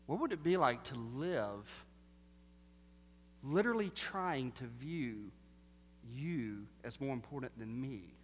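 A man preaching a sermon, animated and full of rhetorical questions, swinging between loud bursts and hushed lines. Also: mid-range voice, takes it slowly, long pauses, slight background noise. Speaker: pastor. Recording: long reverb of a large hall.

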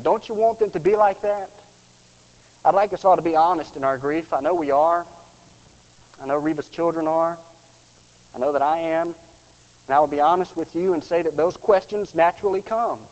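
A man preaching a funeral sermon with earnest feeling. He drops to a hush on tender lines. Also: on the high side, moderate pace, long pauses. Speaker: pastor. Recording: muffled, reverberant hall.

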